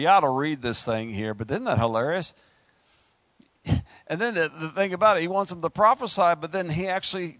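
A man preaching a sermon in a conversational, joking way, acting out quick asides and rising into excited, high-pitched preaching. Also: dry recording.

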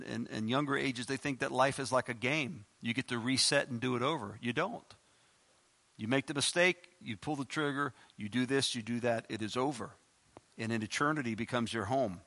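This is a man delivering a sermon, his voice a touch higher than most men's and bright with a forceful edge. He pleads and repeats himself for emphasis, swinging into loud, urgent bursts. Between them he drops into plain, folksy asides. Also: gravelly. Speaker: pastor.

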